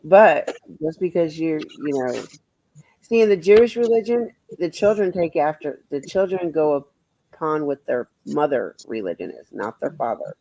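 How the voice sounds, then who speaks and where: A man's voice: fairly high pitch, animated, moderate pace, gravelly, warm tone, no echo, poor audio. A man chatting bluntly with viewers on a livestream, rambling and swearing freely. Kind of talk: casual livestream chat answering viewers.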